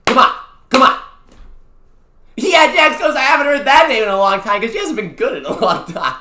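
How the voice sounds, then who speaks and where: A young-adult VTuber streamer chatting casually with viewers during a game, excitable and slangy, swinging from low mutters to loud wails. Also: moderate pace. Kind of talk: casual live-stream chat over a mobile gacha game. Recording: echoey room.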